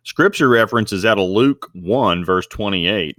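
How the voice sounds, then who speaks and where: A man teaching a Bible study lesson, slowing down to stress Greek words. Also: lowish voice, expressive, fairly bright tone, no echo, clean studio sound. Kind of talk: scripture study talk. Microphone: desk mic at a computer screen recording.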